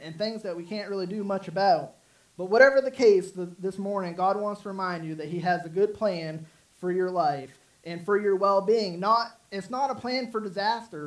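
A man's voice: high-pitched, rough recording. A man preaching a sermon in an earnest, rambling way, with many restarts. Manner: earnest, repetitive with frequent restarts and fillers. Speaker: pastor.

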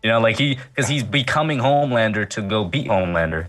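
A man in a casual podcast chat, relaxed and rambling, using "like" a lot. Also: lowish voice, fast, soft background music. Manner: relaxed, uses "like" a lot, says "bro". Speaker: podcast panelist.

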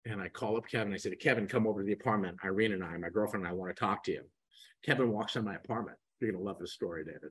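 A man in his sixties, a podcast guest, telling animated stories and acting out the dialogue. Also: fairly low pitch, rapid-fire, husky, rough recording. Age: 60s. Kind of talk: storytelling in a podcast interview.

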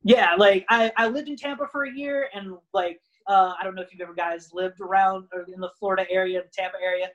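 A man's voice: high-pitched, quick pace, few pauses, poor audio. Rambling young man chatting loosely. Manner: rambling, heavy use of "like", animated retelling. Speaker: guest wrestler. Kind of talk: casual podcast chat.

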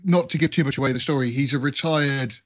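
A man's voice: medium pitch, fast talker, highs cut off. A man in casual podcast chat, rambling and laughing as he tells stories.

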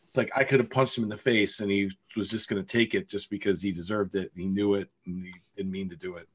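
A man's voice: fairly low pitch, fairly even intonation, fast, husky. A middle-aged man hosting a casual podcast over a video call, telling a rambling story and swearing freely. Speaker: podcast host.

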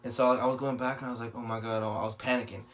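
A man's voice: mid-range voice, very fast. Swearing young man telling a story. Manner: animated, swears a lot, acts out quotes. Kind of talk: casual storytelling chat.

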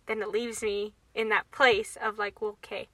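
A woman's voice: mid-range voice, little pitch movement, normal speed, pushed and bright, dry recording. A woman co-hosting a personal growth talk, speaking reflectively in a casual chat. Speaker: co-host of a personal growth group.

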